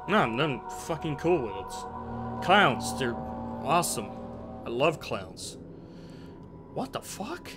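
A young man commenting on a horror game as he plays, excitable and jumpy, swearing often. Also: fairly high pitch. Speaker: gameplay commentator.

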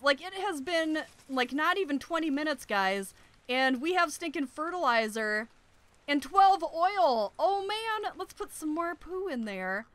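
Young woman let's-play host, high bright voice, excitable and giggly. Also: unhurried. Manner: excitable, shrieks and laughs at in-game danger. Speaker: gaming YouTuber.

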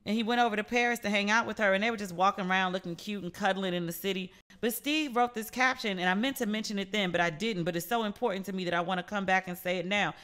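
Bright, animated American woman podcast host. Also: medium pitch. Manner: animated, gossipy storytelling with quoted voices. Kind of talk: casual solo podcast chat.

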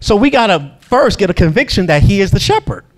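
A man preaching a sermon in an animated way, acting out quotes and laughing between lines. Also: sits high, brisk.

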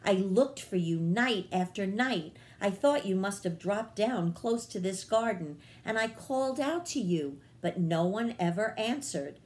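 A woman voicing a gentle, apologetic small male bat in a children's read-aloud, humble and pleading. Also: medium pitch, expressive, unhurried, few pauses, close to an everyday voice.

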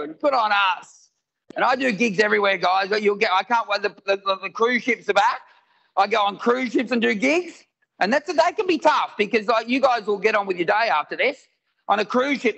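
A middle-aged man performing a lively stand-up comedy set at a live venue, shouting his punchlines. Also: high voice, vocal fry, lo-fi sound.

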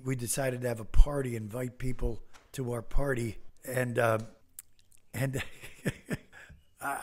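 Gravelly older man rambling through stories. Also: mid-range voice. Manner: rambling, halting with many fillers and restarts. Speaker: podcast guest, comedian. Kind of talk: casual anecdotes.

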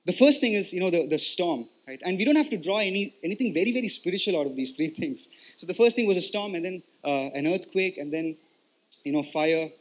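A man's voice: high voice, expressive, a little fast, bright, forceful tone. A male pastor preaching in a conversational, explanatory way, often checking in with "right?" and "you know" and repeating words as he goes. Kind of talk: conversational sermon.

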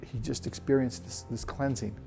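A man in his thirties telling a personal faith story in an earnest, halting way with frequent restarts. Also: medium pitch, steady tone, vocal fry. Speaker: church member sharing a testimony. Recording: soft guitar music behind. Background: soft guitar music.

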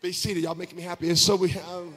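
A man pastor preaching a sermon, sometimes half singing, moving between shouted lines and quiet asides. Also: level tone, fast, breathy edge, in a large hall. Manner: impassioned, half-sung preaching that swings from shouts to low asides.

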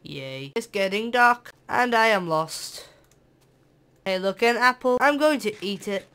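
A British teenager giving jokey let's-play gameplay commentary, excitable, breaking into sing-song bits and sudden shouts. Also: medium pitch, a little slow, clear, resonant tone. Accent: British English. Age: teens. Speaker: gameplay channel host.

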